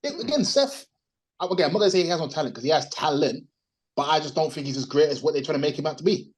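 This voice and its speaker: A man's voice: on the high side, expressive, very fast, rough recording. A man co-hosting a casual wrestling podcast from home, giving opinionated, rambling takes and searching for words. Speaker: podcast co-host. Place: resting at home.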